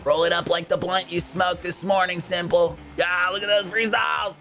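Talking at normal speed with hardly any pauses, a man hosts a gaming video over soft background music. He commentates live and excitably, bouncing between calm chatter and high yelps.

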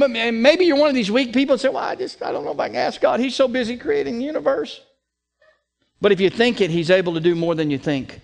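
High-voiced preaching pastor. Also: male voice. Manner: emphatic, repeating words for stress; restarts with stacked "and, and". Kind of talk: sermon.

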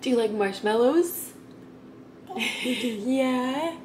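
Speaking extremely slowly with lively intonation and a fairly high pitch, a mom from Southern California coos to her toddlers in a sing-song way while filming at home. Echo and clear background noise fill the recording.

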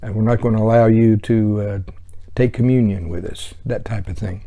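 A man's voice: fairly low pitch, fairly even intonation, moderate pace, dark tone. A man teaching verse by verse through a Bible book in a conversational way, with chuckling asides.

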